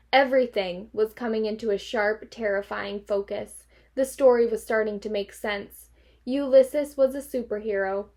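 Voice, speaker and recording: A woman teacher reading a children's novel aloud to her class, expressive and lively. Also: mid-range voice.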